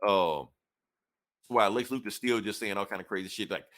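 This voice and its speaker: A man co-hosting a casual comic book review podcast, retelling the plot in an animated way and acting out the characters' lines. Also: lowish voice. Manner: animated retelling that acts out characters' lines in quick quoted snippets.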